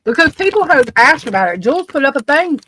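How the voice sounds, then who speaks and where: A woman's voice: high-pitched, sing-song, quick pace, pushed and bright, slight background noise. A woman casually commenting on a crime case, blunt and exasperated, swearing freely.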